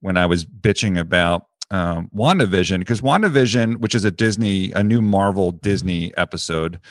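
A very deep-voiced man with a Philadelphia accent chats loosely on a podcast, circling back and correcting himself as he goes. The sound is close and dry, with no room around it. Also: lively intonation, normal speed, no room sound. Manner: rambling, self-correcting, swears casually. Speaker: podcast co-host. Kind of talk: casual chat.

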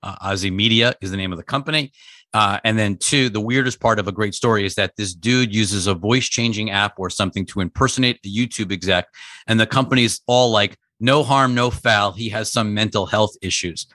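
Bright-toned man in dry casual chat. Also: on the low side, brisk, no room sound. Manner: excitable, stumbling restarts. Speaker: podcast co-host.

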